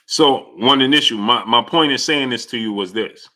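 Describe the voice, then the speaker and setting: Bright-voiced man hosting a boxing talk stream. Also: mid-range voice, moderate pace. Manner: repetitive and emphatic, frequent fillers and "you understand?". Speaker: sports talk show host. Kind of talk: live-stream boxing talk, greeting chat viewers.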